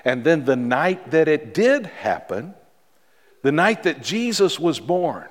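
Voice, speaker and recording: A man pastor preaching a sermon in a church, with dramatic pauses and repeated words for emphasis. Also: on the high side, very animated, big-room sound. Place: church sanctuary.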